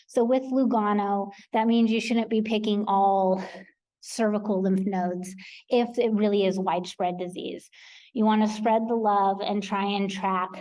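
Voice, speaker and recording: American woman presenter, mellow voice, practical explainer at a conference talk. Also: medium pitch, rough recording. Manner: practical, explanatory, with frequent ums. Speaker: research coordinator presenter. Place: conference hall.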